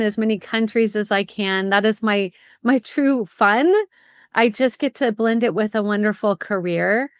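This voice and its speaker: A middle-aged woman talking as a podcast guest, lively and confident, about her consulting work. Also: mid-range voice. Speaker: guest, college planning consultant. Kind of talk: casual interview. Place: home in Southern California.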